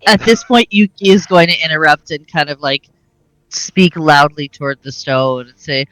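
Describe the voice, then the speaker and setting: A man playing his character in a tabletop game, with polite phrasing. His voice is bright and sits a touch high. The sound is dry. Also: normal speed, clean tone, no echo, soft background music, low-quality recording. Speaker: player.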